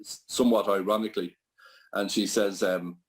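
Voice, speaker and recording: A man's voice: on the low side, steady tone, moderate pace. An older Irish man, a guest on an interview show, telling rambling anecdotes full of restarts. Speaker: guest entrepreneur. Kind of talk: storytelling interview.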